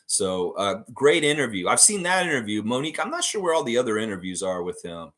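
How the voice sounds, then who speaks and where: Rambling low-voiced Canadian man. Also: very animated, a little fast, fairly bright tone. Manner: rambling, many fillers and self-corrections. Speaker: podcast host. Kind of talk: casual live-stream chat, reading viewer comments.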